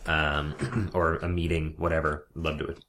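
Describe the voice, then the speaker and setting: A man's voice: rumbling low, steady tone, moderate pace, fairly bright tone. A man, an actor, in casual chat, joking and laughing often. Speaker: actor looking for work.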